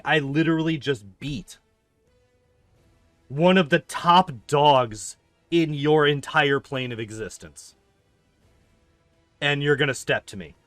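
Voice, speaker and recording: A man's voice: mid-range voice, dry recording. A young man streaming a game, ranting animatedly in casual commentary, swearing often and filling with "like". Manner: animated ranting, profane, lots of "like".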